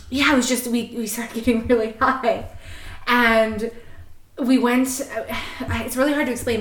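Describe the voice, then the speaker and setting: A woman on a podcast telling a story in a casual, animated way, swearing freely and laughing often. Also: on the high side, roomy sound. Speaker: podcast host.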